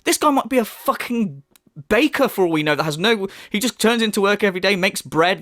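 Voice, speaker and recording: A man's voice: high voice, a bit bright, no echo, clean studio sound. A man giving an angry, profane commentary rant, mocking his subject as he goes. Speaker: commentary youtuber. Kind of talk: ranting commentary.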